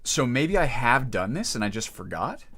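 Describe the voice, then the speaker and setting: A man's voice: mid-range voice, big pitch swings, moderate pace, fairly bright tone, breathy edge. A man streaming live in casual chat, rambling and emotional, often breaking off mid-sentence. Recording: music playing in the background.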